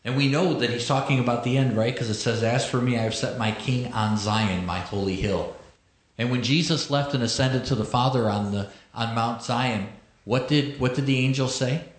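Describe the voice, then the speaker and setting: A man preaching a sermon, reading scripture slowly and explaining it with conversational asides. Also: mid-range voice. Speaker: pastor. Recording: echoey room.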